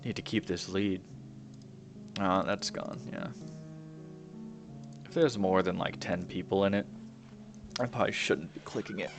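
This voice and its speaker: Young male streamer, low and gravelly, casual mumbled chat over piano music, drops into whispers. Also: a little slow, pauses often. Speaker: gaming streamer. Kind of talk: casual commentary while playing a game. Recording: music playing behind the voice.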